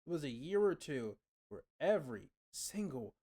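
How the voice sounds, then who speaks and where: A young man with a fairly high, warm, very animated voice chats casually with viewers on a stream at normal speed. He rambles, swears often, and trails off mid-thought while answering them.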